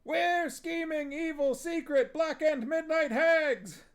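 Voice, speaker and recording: A man's voice: slow pace, exaggerated voice. A man shrieking as a rowdy coven of old hags. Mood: gleeful. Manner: shrill yelling in unison. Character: rowdy chorus of old witches.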